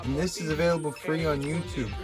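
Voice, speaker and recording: A man hosting a casual monologue recommending movies, rambling excitably with jokey asides. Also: fairly high pitch, quick pace, over music.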